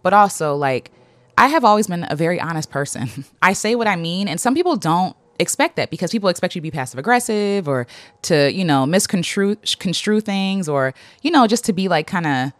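A woman's voice: fairly low pitch, lively intonation, brisk, dry recording. A woman vlogger reading affirmations to her inner child and reflecting openly, laughing often and talking casually with many fillers.

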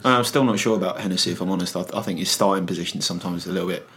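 A man co-hosting a football podcast, giving dry, measured analysis. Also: deep voice, a bit bright. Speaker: podcast co-host. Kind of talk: casual football chat.

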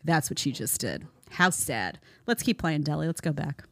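Sarcastic woman podcaster, super lively up-and-down voice, dry close mic. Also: low-pitched, normal speed, no echo. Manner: sarcastic, mocking impressions. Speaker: podcast host. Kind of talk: opinionated commentary. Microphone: studio microphone.

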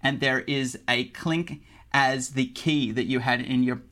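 A man running a tabletop game, narrating the scene in a measured, descriptive way. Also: mid-range voice, steady tone, a bit bright. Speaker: game master.

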